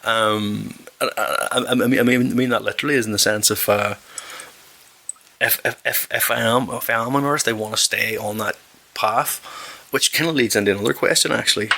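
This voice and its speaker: A man's voice: on the low side, fairly even intonation, brisk, gravelly, bright, forceful tone, a little hiss or hum. A man from West Belfast with a Northern Irish accent, chatting casually and profanely as a podcast host, rambling and restarting his sentences. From West Belfast, Northern Ireland. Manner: rambling and profane, self-correcting, with repeated restarts. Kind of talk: casual chat.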